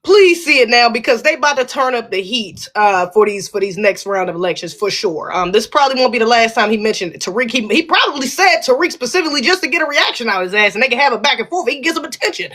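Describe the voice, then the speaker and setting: A woman co-hosting a casual live stream, speaking bluntly and emphatically. Her voice is bright and forceful, and pitched a little high. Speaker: podcast co-host.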